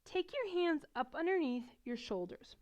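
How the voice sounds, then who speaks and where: Middle-aged female yoga instructor, slightly breathless, gentle encouraging guidance, pitch a little high. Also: animated, moderate pace, lo-fi sound. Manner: gentle, encouraging, explains as she demonstrates. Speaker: yoga teacher.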